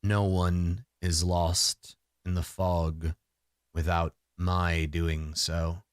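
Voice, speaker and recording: Casting: man doing a towering antlered forest spirit, deep and resonant, grave and sad, very slow, dry close sound. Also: flat delivery, clean tone, no echo. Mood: solemn. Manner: slow, grave, measured speech.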